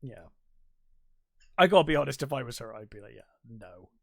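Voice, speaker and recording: A man co-hosting a podcast, casually retelling a movie's scenes and acting out quick quotes from the characters, with the odd swear. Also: medium pitch, animated, gravelly. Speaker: podcast co-host. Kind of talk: casual film recap chat.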